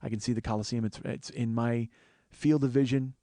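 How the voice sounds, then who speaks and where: A man comedian telling a comic story in an animated, swearing, exasperated way. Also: medium pitch, brisk, dry recording. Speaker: comedian host.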